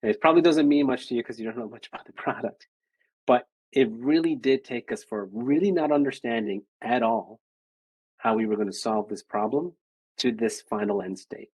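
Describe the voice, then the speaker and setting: A man's voice: mid-range voice, normal speed, a little mellow, slightly rough, no echo, rough recording. A man speaking as a guest design lead on a video call, talking energetically with lots of fillers. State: out of breath. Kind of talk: virtual presentation and Q&A.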